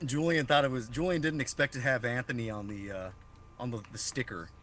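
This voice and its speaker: A man co-hosts a podcast in a loose, joking way, laughing often and tripping over his own restarts. His voice sits at an ordinary middle pitch. A faint hiss runs under the recording. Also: a little fast, a bit bright. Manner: loose and joking, swears freely. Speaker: podcast co-host. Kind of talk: casual chat.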